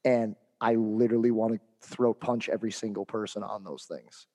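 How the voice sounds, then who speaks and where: A man's voice: lowish voice, steady tone, normal speed, warm tone. A man co-hosting a hockey podcast, telling a heated coaching story in casual chat with lots of fillers and restarts.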